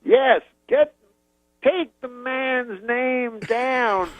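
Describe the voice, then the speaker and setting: A man putting on the voice of an older male comedian who talks in clipped, halting phrases. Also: dry recording, heavily acted. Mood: commanding. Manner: booming, drawn-out half sentences. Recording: dull lo-fi dry sound.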